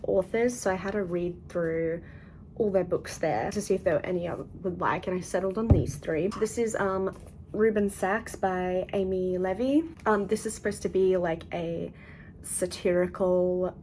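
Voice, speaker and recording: A young woman with an Australian accent talks through her day in a relaxed, chatty vlog, giggling often. Her tone is soft and mellow. A faint ambience hums behind her in the hotel room. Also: mid-range voice, slight background noise, low-quality recording. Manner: chatty, giggly, many ums and likes. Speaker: book vlogger. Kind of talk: casual vlog chat.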